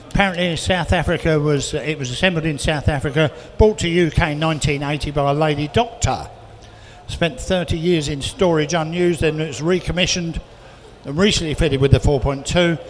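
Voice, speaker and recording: A man working as an auctioneer, calling bids quickly and adding chatty asides about each car. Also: fairly high pitch. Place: auction hall, indoors. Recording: reverberant hall with faint noise.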